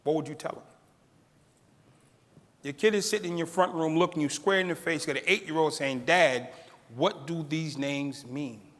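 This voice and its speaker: A middle-aged man tells his life story to an audience, acting out the people in it and laughing now and then. His voice sits a little high. The sound carries the long echo of a large hall. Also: a little fast, long pauses. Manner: animated, acts out quoted voices. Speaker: keynote speaker.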